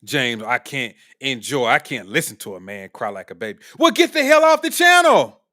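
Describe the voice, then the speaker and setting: A man's voice: mid-range voice, big pitch swings, moderate pace, pushed and bright. A man hosting a live political commentary stream, talking in a blunt, profane, combative way. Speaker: streamer host.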